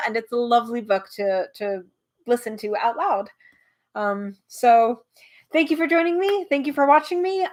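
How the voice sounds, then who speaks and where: A woman hosting a live read-aloud, narrating a storybook with animation and chatting casually with viewers; her voice is a little tired. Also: high-pitched. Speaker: host reading a book aloud.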